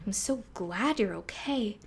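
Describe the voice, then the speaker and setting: A woman voicing a caring, excitable young girl frog who speaks emphatically. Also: mid-range voice, unhurried, creaky, slight background noise. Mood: cheerful. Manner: worried, emphatic.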